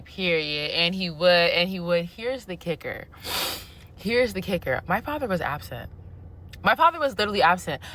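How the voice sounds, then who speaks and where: A woman's voice: low voice, pushed and bright. A woman vlogger giving an emotional, earnest faith testimony, chatting casually and calling the listener honey and baby.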